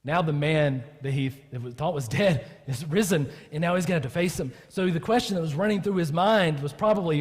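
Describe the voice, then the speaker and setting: A male pastor preaching a sermon as lively storytelling, acting out the people he quotes. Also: a little high, brisk, few pauses, long reverb tail.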